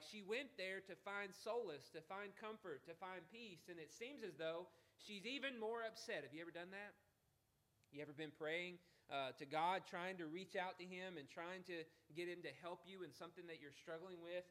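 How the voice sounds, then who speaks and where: A man's voice: a little high, fairly bright tone. A middle-aged man preaching a conversational sermon, chatty and asking listeners direct questions.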